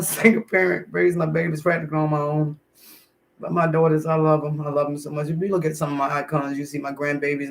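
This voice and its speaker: An older woman with a hoarse, congested throat, chatting warmly and ramblingly to her livestream viewers from her home kitchen. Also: low-pitched. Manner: chatty, rambling, heartfelt, talks straight to chat. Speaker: livestream cooking host. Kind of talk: casual livestream chat to viewers. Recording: voice distant from the mic.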